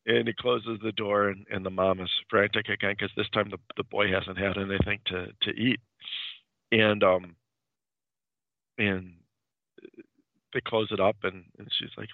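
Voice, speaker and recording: A man's voice: on the low side, little pitch movement, normal speed, creaky, no room sound. A man casually retelling a horror comic story, rambling with many fillers and restarts. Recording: dull dry lo-fi sound.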